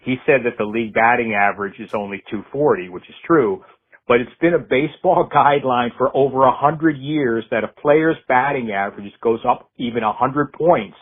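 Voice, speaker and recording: A man's voice: mid-range voice, moderate pace, husky. Sarcastic man calling in on a phone line. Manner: dry sarcastic, number-heavy. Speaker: caller. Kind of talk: phoned-in fan rant.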